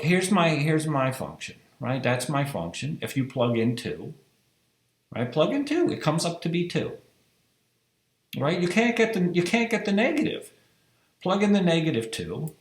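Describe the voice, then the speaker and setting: A man teaching a math lecture, emphatic and rhetorical, checking in with "right?" after most points. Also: a little high. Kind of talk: recorded lecture. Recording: echoey room.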